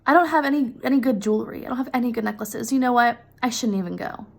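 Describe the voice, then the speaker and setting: A woman's voice: a little high, quick pace, creaky. A woman voicing a vain, discontented young wife who complains in a sulky tone. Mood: whiny.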